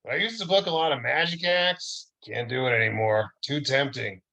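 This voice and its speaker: A man's voice: medium pitch, normal speed, gravelly, bright, forceful tone, voice pushed up, rough recording. A man voicing a weary, unfazed nightclub owner in a dry, matter-of-fact way. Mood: deadpan.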